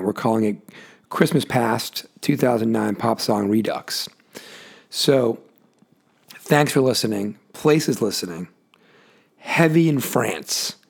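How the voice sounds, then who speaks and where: A man's voice: mid-range voice, gravelly. A man hosting his own podcast alone, rambling casually with joking asides, his voice worn out and tired. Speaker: podcast host. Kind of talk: casual solo podcast monologue. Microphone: adjusting a desk mic himself.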